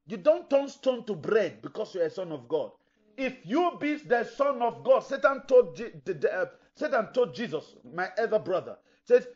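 A middle-aged male pastor delivers an emphatic sermon, voicing the objections of imagined listeners as he goes. His voice sits a little high for a man. The recording is dull and lo-fi. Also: a little mellow.

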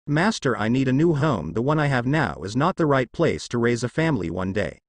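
A man's voice: medium pitch, big pitch swings, fairly quick, no room sound. A man voicing a brash, defiant young male ninja in a fan fiction reading, with blunt delivery. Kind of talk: fan fiction read-aloud.

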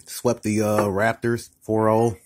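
A tired, upset man talking casually to camera in a vlog, halting and repetitive, often restarting his sentences. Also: lowish voice, monotone, noisy background. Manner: upset, ranting tone. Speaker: vlogger. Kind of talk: casual mukbang vlog talk.

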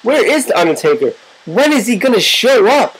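A woman giving excitable, profane, joking play-by-play commentary over a wrestling video game. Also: a little high, moderate pace, slight background noise, poor audio.

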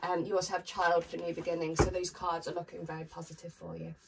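A woman's voice: lowish voice, level tone, fast talker. A woman chatting casually to camera as a tarot reader, upbeat with frequent ums. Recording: distant mic with faint noise.

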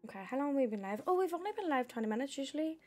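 Young Northern Irish woman, high voice, friendly live-stream chatter; faint music under her. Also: lively intonation, racing, darkish tone. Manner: chatty, thanks viewers by name, says "heck". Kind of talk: casual live-stream chat.

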